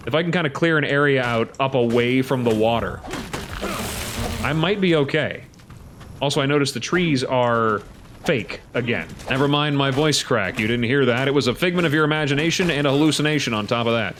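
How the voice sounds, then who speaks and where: A man giving excitable, chatty commentary while playing a survival game, talking to his creatures as he goes. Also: medium pitch, a little hiss or hum. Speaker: let's play host. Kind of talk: casual gameplay commentary.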